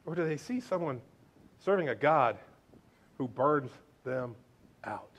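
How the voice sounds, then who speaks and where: A male pastor giving a lively, joking sermon, swinging between loud declarations and hushed asides. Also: mid-range voice, unhurried. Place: church sanctuary.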